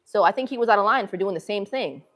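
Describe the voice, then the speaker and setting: A woman's voice: mid-range voice, expressive, quick pace, a bit bright. A woman hosting a casual livestream from a gym, with a northern city accent, talking to her viewers in a slangy, chatty way. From northern United States. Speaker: livestream host. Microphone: phone camera.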